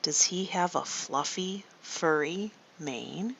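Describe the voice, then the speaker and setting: A woman leading a guided story meditation for children, slow and soothing, often asking the listener questions. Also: fairly low pitch, creaky, a bit bright, slight background noise. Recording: dull lo-fi recording.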